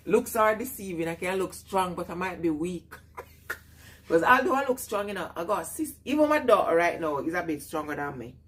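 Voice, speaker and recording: A woman's voice: on the low side, animated, normal speed, slightly rough. A woman with a Jamaican accent chatting casually on a live stream, greeting viewers and laughing often.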